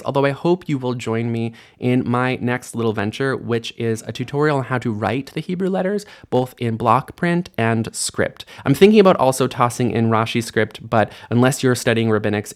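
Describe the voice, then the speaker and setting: A man's voice: medium pitch, fairly quick. A man teaching an online language lesson in a casual, friendly way, explaining grammar and repeating words aloud for practice. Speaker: Hebrew teacher.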